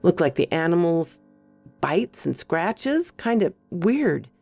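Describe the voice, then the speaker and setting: A woman storyteller voicing a brisk, matter-of-fact paramedic crew chief. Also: fairly low pitch, big pitch swings, vocal fry, darkish tone, soft background music, exaggerated voice. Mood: puzzled.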